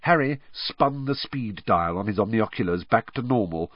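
A man narrating an audiobook in a slow, expressive storytelling manner with a husky voice. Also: fairly low pitch, no room sound. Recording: dry, slightly dull recording.

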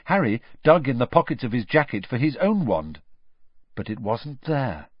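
A man reading fiction aloud as an audiobook narrator, measured but expressive. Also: mid-range voice, husky, dry recording. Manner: measured storytelling with lively swings. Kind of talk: scripted narration. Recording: dull dry lo-fi recording.

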